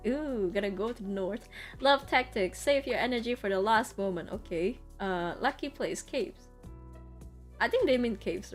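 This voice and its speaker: A woman streamer chatting casually over trip photos, giggly and full of fillers. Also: a little high. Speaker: vtuber streamer.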